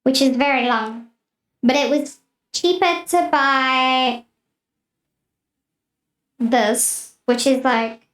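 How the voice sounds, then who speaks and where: Slow-talking woman streamer with a roomy echo. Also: high-pitched, fairly bright tone, distant mic. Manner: rambling, with many fillers. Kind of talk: casual chat while crafting.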